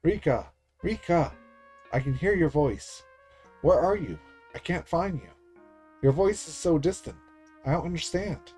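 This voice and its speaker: A man's voice: fairly high pitch, unhurried, pauses often, a little mellow, slightly rough, soft background music, voice pushed up. A man voicing a meek girl spirit deity who stammers anxiously and apologizes. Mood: faint calling.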